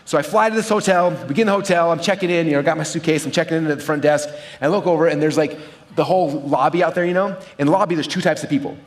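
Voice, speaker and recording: A man's voice: on the high side, steady tone, racing. A man giving a live seminar talk to an audience, telling stories energetically and checking in with his listeners. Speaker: seminar speaker teaching marketing.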